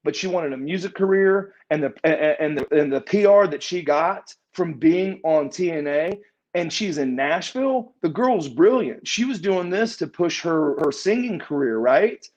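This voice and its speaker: Middle-aged male interview guest, high-ish voice, rambling storyteller who stammers and repeats words, lo-fi sound. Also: expressive, moderate pace, a little mellow. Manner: rambling, repeats and restarts words, acts out quoted dialogue. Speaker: guest, former pro wrestler. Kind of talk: casual shoot interview storytelling. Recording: muffled lo-fi audio.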